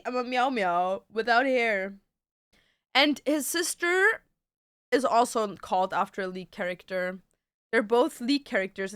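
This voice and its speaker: Chatty woman streamer, smooth dry voice. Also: fairly high pitch, fairly bright tone, no room sound. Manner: chatty, swears casually, reads viewer questions aloud. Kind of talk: casual live-stream chat. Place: at home with a cat on her lap.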